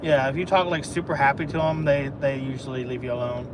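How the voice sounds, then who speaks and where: A man's voice: medium pitch, little pitch movement, fast. A man who works as a delivery driver, talking casually to the camera while he drives and rambling as he thinks aloud. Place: in a car on rural roads. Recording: car recording with road noise.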